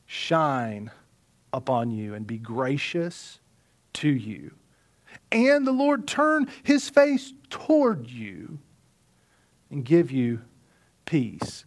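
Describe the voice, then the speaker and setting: A male pastor preaching a sermon in an earnest way, repeating phrases for emphasis and sometimes dropping to a near whisper. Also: a little high.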